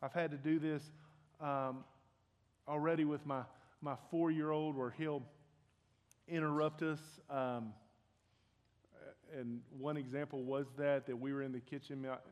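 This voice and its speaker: A man's voice: fairly high pitch, level tone, measured pace, long pauses, a little mellow. A young man preaching a sermon as pastor, earnest and conversational, often restarting his sentences. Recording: long hall reverb.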